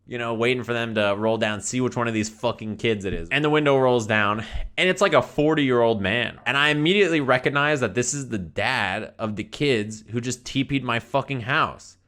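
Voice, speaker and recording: A man streaming to his chat, telling a story in a profane, exasperated, animated rant. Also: mid-range voice, normal speed, smooth.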